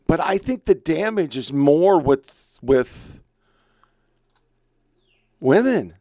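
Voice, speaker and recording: Gen X male podcast host, 50s, fairly high voice, swears freely, emotional, dry studio sound. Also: sing-song, very slow, warm tone, dry recording. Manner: blunt, profane, heated ranting. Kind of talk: podcast commentary on online clips.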